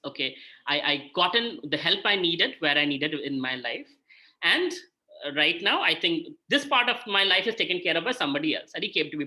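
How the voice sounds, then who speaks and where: A man gives a conversational talk on scripture as a spiritual mentor. His voice is bright and forward. He speaks casually and often checks in with his listeners. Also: on the high side, sing-song, fairly quick. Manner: conversational, frequent "right?" check-ins.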